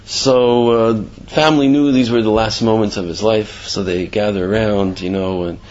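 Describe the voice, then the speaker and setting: A man's voice: on the low side, steady tone, normal speed, a little mellow, highs cut off. A man giving an informal Torah class, telling jokes and asking many rhetorical questions, with frequent fillers. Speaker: Torah teacher.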